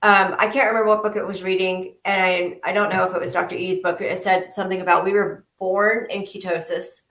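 A woman speaking as a guest in a casual interview chat, earnest and slow with frequent pauses and restarts. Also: medium pitch, level tone, fairly bright tone. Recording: echoey room.

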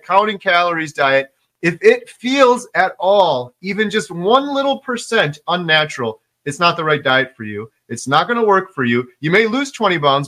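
Guy chatting on a podcast, kinda high bright voice, really emphatic. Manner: enthusiastic, emphatic, repeats words for stress. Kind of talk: casual interview chat.

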